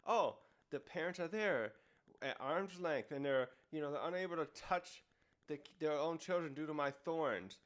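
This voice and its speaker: A man putting on a sadistic villain who gloats over others' suffering. The voice sits a little high and is mocking and relishing. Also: lively intonation, normal speed, a bit bright. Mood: gloating.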